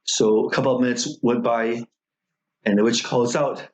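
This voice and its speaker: A man who serves as a Buddhist minister, telling a folktale in a dharma talk with slow, measured phrasing and many pauses. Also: medium pitch, steady tone, rough recording.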